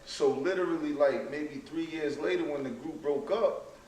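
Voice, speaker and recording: A man's voice: fairly high pitch, moderate pace, darkish tone, distant mic. Laid-back man telling stories in a roomy space. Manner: laid-back storytelling, says "yo" a lot. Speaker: guest artist. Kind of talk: casual chat. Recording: roomy sound, a bit off-mic, faint room noise.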